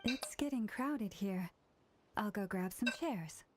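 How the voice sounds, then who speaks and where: An actress playing a gentle, polite young woman in a video game. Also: mid-range voice, lively intonation, slow, noisy background. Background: game music.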